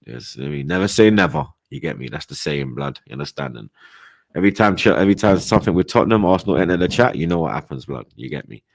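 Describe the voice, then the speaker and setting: A young man with a London accent hosting a football chat show, ranting in heavy slang and swearing as he builds to loud outbursts. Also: extremely low pitch, lively intonation, quick pace, gravelly, no room sound. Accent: London, multicultural London English slang. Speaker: football podcast host. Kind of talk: heated casual football chat.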